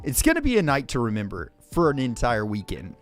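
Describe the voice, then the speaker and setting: A man hosting a livestream in casual chat, excitable and jokey, greeting viewers by name and saying "freaking" constantly. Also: medium pitch, a little fast, soft background music. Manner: excitable, says "freaking" constantly, shouts out names; jokey and hyperbolic. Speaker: livestream host.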